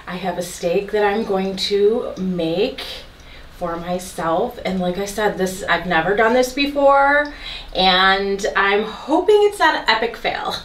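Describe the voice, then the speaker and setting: A woman hosting a casual cooking vlog in her kitchen, excitable and nervous, laughing a lot as she cooks. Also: medium pitch, slow pace. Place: indoor kitchen under lights. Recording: roomy echo, distant from mic, kitchen sizzle. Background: food frying and sizzling.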